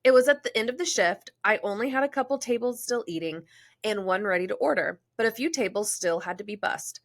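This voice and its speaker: A woman's voice: medium pitch, fairly quick. A woman podcast host reading a listener's story aloud, breaking off to joke and laugh in casual asides. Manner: animated, laughs and jokes between read passages.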